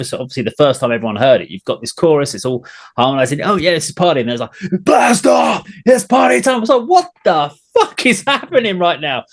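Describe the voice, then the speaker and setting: Excited man reviewing a metal song. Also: medium pitch. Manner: enthusiastic, swears casually. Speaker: show host. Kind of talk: casual music review chat.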